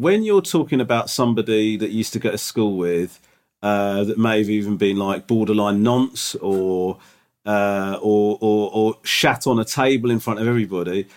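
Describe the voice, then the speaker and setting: A touring comedian co-hosting a podcast, talking in a teasing, expressive way. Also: male voice, fairly low pitch. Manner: teasing, expressive, lively delivery. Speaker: podcast co-host. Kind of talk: casual chat.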